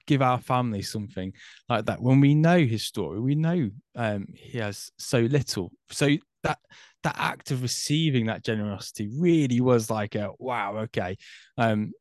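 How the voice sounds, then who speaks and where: A man's voice: medium pitch, animated, moderate pace, a little mellow, no echo, clean studio sound. A man in his thirties talks reflectively about faith and generosity, hesitating often with fillers. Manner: thoughtful, hesitant, many fillers. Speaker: guest.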